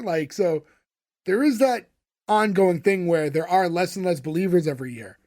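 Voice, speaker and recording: A man co-hosting a podcast casually recaps an episode of a show, rambling through the scenes with lots of fillers. His voice is high-pitched, expressive, brisk, and a little mellow.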